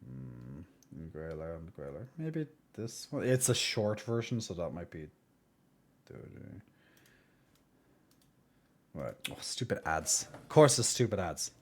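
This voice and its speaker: A man's voice: sits low, very animated, slow pace, long pauses, a little mellow. Joking man on a live stream. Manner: joking, rambling, swearing. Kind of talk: casual live-stream chat.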